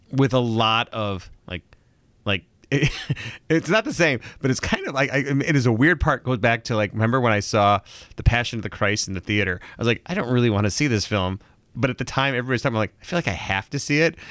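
A man co-hosting a podcast in casual chat, animated and rambling, acting out quoted lines as he talks. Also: mid-range voice, no room sound. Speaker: podcast co-host.

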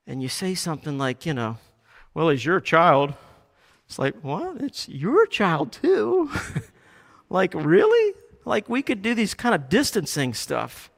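A male pastor preaching a sermon, animated, acting out quoted Bible lines with a raised voice. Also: on the high side. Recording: long hall reverb.

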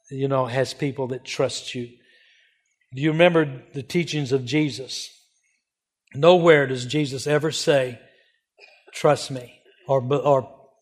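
A man's voice: mid-range voice, darkish tone. An older man, a missionary, giving a slideshow update to supporters and telling earnest, emotional stories with repeated phrases.

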